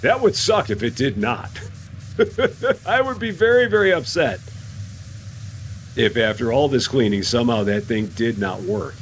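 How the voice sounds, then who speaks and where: A man's voice: a little slow, long pauses, a little hiss or hum. Chatty man streaming a game. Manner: chatty, talks to himself and chat, animated rises in pitch. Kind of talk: casual game commentary.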